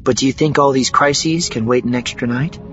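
A man voicing a weary, resolute adult woman in an audiobook, with a soft, sighing, earnest delivery. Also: mid-range voice, steady tone, normal speed, muffled recording, music in the background, voice pushed up, natural voice. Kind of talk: audiobook character voice.

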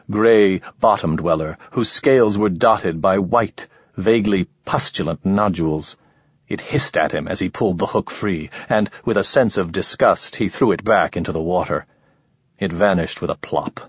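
Male audiobook narrator, low and husky, measured delivery. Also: no room sound. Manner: measured, even storytelling. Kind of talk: scripted narration. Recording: dull lo-fi recording.

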